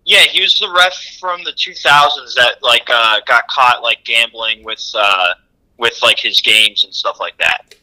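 A male podcast guest chats casually and agrees readily, but he turns blunt when something annoys him. His voice is strongly bright and forceful at a middling pitch. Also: measured pace, low-quality recording. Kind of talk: casual chat.

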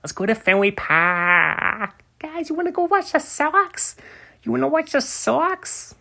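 A man voicing a rowdy male New England sports fan in a loud, high, boisterous put-on voice. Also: lively intonation, measured pace, vocal fry, heavily acted.

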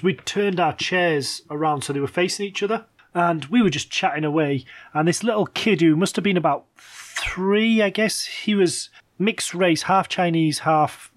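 Middle-aged man, casual storyteller, hesitant, fairly high voice. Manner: hesitant, many fillers, laughs while telling stories. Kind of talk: casual chat, telling anecdotes.

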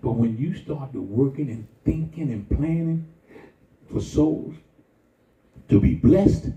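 An older man preaching a sermon in a colloquial, animated style with sudden high-pitched exclamations. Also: takes it slowly. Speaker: pastor. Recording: echoey, distant, dull sound.

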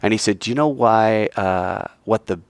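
A man's voice: on the low side, normal speed, vocal fry, clear, resonant tone, dry recording. A man teaching an informal Bible class as a sermon, telling stories and acting out the voices of the people in them. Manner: animated storyteller who acts out quoted voices.

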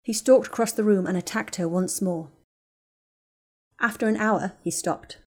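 A woman reading a fan fiction chapter aloud as an audiobook narrator, in a steady, even-paced way. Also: lowish voice, moderate pace, vocal fry. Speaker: audiobook reader.

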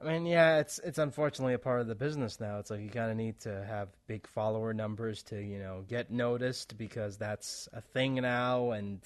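A man's voice: on the low side, steady tone, a little fast, hardly any pauses. A man interviewing in a casual chat, blunt and exasperated, repeating his words and swearing freely.

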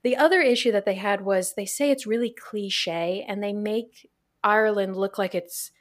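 An American woman co-hosting a casual podcast chat, talkative and quick to laugh. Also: mid-range voice. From United States. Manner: chatty, laughs often. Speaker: podcast co-host.

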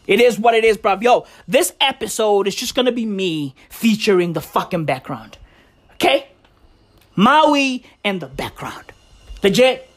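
Profane, animated woman ranting on a podcast. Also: medium pitch. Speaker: podcast host. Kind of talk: casual solo podcast rant.

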